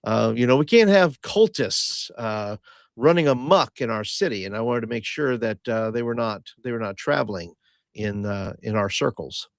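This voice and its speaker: A courteous halfling adventurer, played by a man at the game table, who stumbles politely through his words with constant fillers. His voice sits at an ordinary middle pitch and sounds dry and close, with no room around it. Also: expressive, creaky, no room sound. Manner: halting, full of "uh" fillers, polite.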